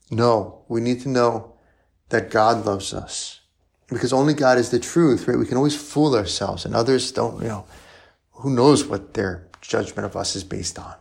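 A man's voice: mid-range voice, vocal fry. A male priest preaching in a conversational style, often asking rhetorical questions and adding "right?". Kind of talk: sermon.

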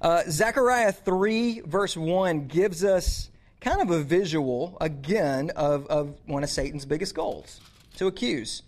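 A man's voice: on the high side, takes it slowly, a little mellow. A man giving a youth sermon, casual and conversational, with frequent restarts and slang. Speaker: youth pastor.

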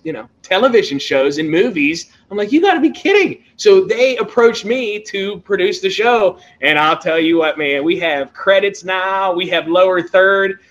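A man with a high, bright voice chats casually about his show. He tells stories in an excitable, animated way and laughs easily. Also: measured pace, hardly any pauses, highs cut off. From Pennsylvania, USA. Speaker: toy-hunting show host. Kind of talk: casual chat.

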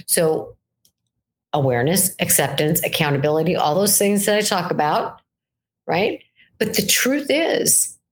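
Animated older woman coach. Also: fairly low pitch, a little hiss or hum. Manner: conversational, animated, keeps asking "right?". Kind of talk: solo mindset talk.

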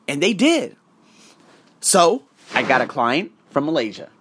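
A man's voice: sits high, wildly swooping pitch, normal speed, a bit bright, breathy edge. A man coaching for English tests, talking in a casual vlog monologue, profane and emphatic as he tells his story.

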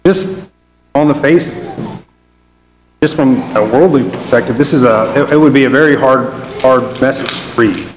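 A man preaches a Bible study at an even middle pitch, talking it through conversationally and reading scripture aloud. His voice rings out into a roomy space with a long hall reverb trailing behind each phrase. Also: normal speed, pauses often, a little hiss or hum.

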